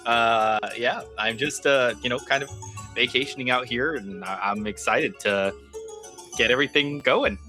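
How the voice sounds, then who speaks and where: A man's voice: medium pitch, moderate pace, sharp tone, faint music behind, natural voice. A man voicing an eager, somewhat awkward young American traveler in a tabletop game, hesitant with many fillers. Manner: hesitant, filler-heavy, upbeat.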